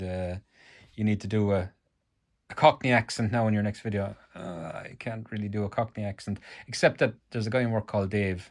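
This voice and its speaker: An Irish man, a metal detecting vlogger, chatting casually and a bit self-deprecatingly as he shows his finds in a small shed. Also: on the low side. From Ireland. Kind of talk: casual chat showing finds.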